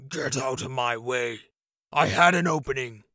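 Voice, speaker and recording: A man voicing a gruff, hot-tempered knight who growls and complains. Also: medium pitch, measured pace, bright, forceful tone, no room sound, clean studio sound. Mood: growling.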